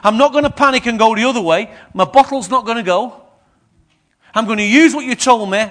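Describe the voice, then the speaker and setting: High-voiced preacher. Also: male voice, fairly quick. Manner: lively, questions the congregation. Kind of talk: sermon.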